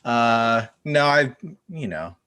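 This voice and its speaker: A man co-hosting a podcast, relaxed and teasing, with short dry reactions. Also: mid-range voice, takes it slowly, clear, resonant tone. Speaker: podcast co-host. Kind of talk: casual chat.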